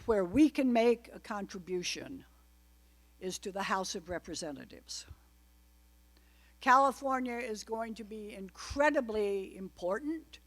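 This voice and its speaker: Woman guest speaker with a raised pitch, addressing a club audience loosely and wryly, with many digressions. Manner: chatty, wry asides, frequent digressions. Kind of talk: informal political talk to a live audience.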